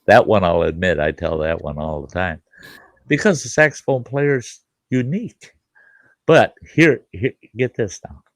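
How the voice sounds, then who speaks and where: A man's voice: on the low side, unhurried, no echo. A middle-aged man hosting a casual chat, telling a folksy story and acting out both sides of a conversation, swearing casually. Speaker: campground host and show host.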